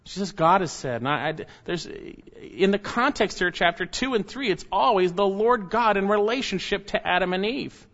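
A man's voice: sits high, expressive, moderate pace, few pauses, fairly bright tone. Emphatic preacher man, lo-fi recording. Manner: emphatic, rises sharply on key words. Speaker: pastor. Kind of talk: expository sermon. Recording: dull lo-fi recording.

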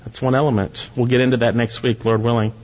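A man preaching a verse-by-verse sermon, earnest and full of rhetorical questions, dropping his voice low when he quotes scripture. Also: little pitch movement, fast talker, darkish tone. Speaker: pastor. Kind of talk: expository sermon. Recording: dull, reverberant hall sound.

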